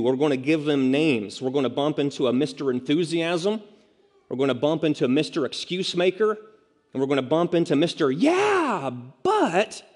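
A man's voice: medium pitch, darkish tone. A man preaching a sermon in a conversational way, with self-mocking asides and acted-out quotes. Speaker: pastor. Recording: long reverb of a large hall.

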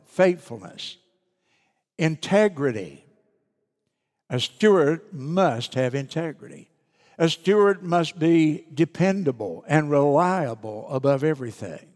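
Deliberate preaching man, hall reverb. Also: on the high side, a little mellow. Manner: deliberate, repeats key phrases for emphasis. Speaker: pastor. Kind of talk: sermon.

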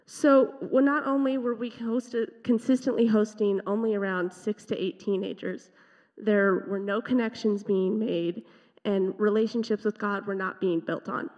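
At a youth worship service in a church sanctuary, a teenage girl gives an earnest, reflective personal testimony, adding small laughs as she tells her story. Her mid-range voice is darkish, fairly even in intonation and measured in pace, with dull sound and long hall reverb.

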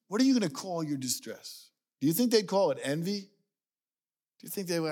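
A man preaching a sermon, telling a story and acting out the voices in it, dropping low and quiet to make a point. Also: expressive, a little fast. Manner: storytelling, acts out quoted voices, drops low and quiet for emphasis. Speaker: pastor.

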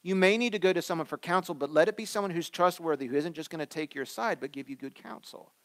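A man in his thirties, a pastor preaching a sermon in a conversational way, swinging between loud emphatic lines and soft, quiet asides. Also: fairly high pitch, fast talker.

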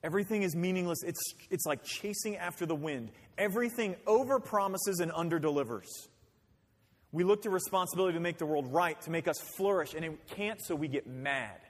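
A man's voice: on the high side, brisk. A man pastor preaching a sermon in a conversational way, with rhetorical questions and acted-out quotes. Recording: long hall reverb.

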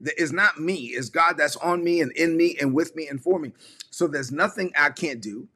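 A male pastor delivers a fired-up sermon to an online congregation. His voice is bright and slightly husky, sitting a touch high for a man. He hammers points through repetition and call-and-response. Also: normal speed.

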